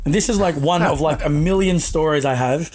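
A man telling stories as a guest on a podcast, animated and laughing as he retells them. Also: fairly high pitch, fairly quick. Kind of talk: casual storytelling chat.

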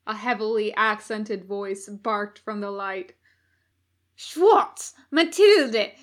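A woman reading fan fiction aloud as an audiobook narrator, in a measured, even delivery. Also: mid-range voice. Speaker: podfic reader.

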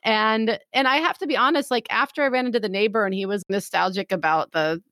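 Animated woman telling a story. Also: medium pitch, fairly quick, no room sound, studio quality. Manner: animated storytelling, acts out quotes. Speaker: storyteller in a chat. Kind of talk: casual chat.

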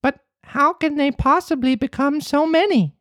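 A woman voicing a gullible wooden puppet boy in a storybook read-aloud, excited and full of wonder. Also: high voice, moderate pace, no echo, studio quality, pitched above the performer's own voice, lightly acted. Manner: wide-eyed, excited, wondering.

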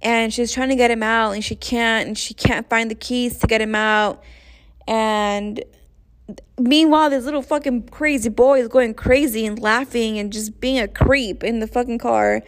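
A woman's voice: fairly high pitch, steady tone, normal speed. A young woman casually retelling a story in a rambling, profane way, full of slang and fillers. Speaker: show recapper. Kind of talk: casual plot recap.

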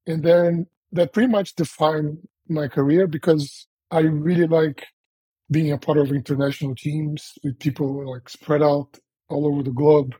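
A Brazilian-accented man in his forties talks easily as a podcast guest. His voice is warm and soft, with a husky edge. He keeps his answers brief and relaxed. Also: fairly high pitch, normal speed, rough recording. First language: Portuguese. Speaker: guest staff engineer. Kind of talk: casual podcast interview.

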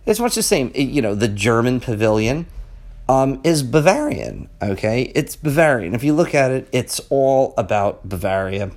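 A man's voice: mid-range voice, very animated, moderate pace, darkish tone. A middle-aged man talking off the cuff as a vlogger, rambling and conversational, with emphatic rhetorical questions and a habit of tacking "okay?" onto his points. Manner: rambling and conversational, peppers talk with "okay?" and "you know". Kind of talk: casual off-the-cuff monologue.

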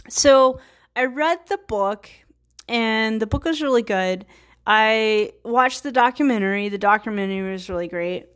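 A slightly tired woman in her thirties from Virginia hosts her own podcast, talking casually on her own with many fillers and restarts. Her voice is fairly high and fairly bright.

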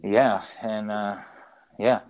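A man's voice: fairly low pitch, very slow. A man co-hosting a podcast, telling loose stories in casual chat, full of fillers and swearing. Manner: rambling storyteller, loose and profane, many fillers. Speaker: podcast co-host. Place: away from home, calling in to the show.

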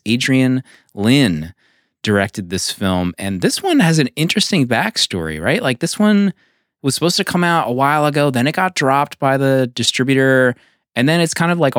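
A podcast co-host talking about movies in casual, lively chat. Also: medium pitch, dry recording, studio quality.

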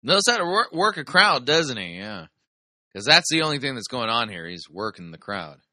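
A man's voice: medium pitch, sing-song, normal speed, sharp tone. A man hosting a review show, commenting on sermon clips in a sarcastic, mocking way. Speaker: podcast host reviewing a sermon.

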